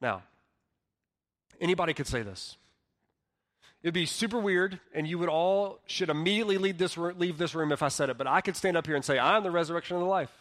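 Male pastor, sermon delivery that shifts soft to loud, a touch high-pitched. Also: expressive, big-room sound. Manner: earnest preaching, swings between soft and loud, slows for emphasis. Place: church hall.

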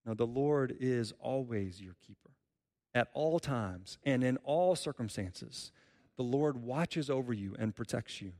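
A man's voice: medium pitch, lively intonation, unhurried, a little mellow, in a large hall. A man preaching a sermon as a pastor, earnest and repeating key phrases for emphasis.

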